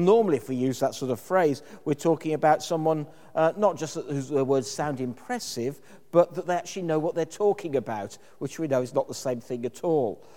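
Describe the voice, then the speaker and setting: A man's voice: fairly high pitch, dark tone, big-room sound. A man preaching a sermon in a thoughtful, conversational way, with occasional fillers.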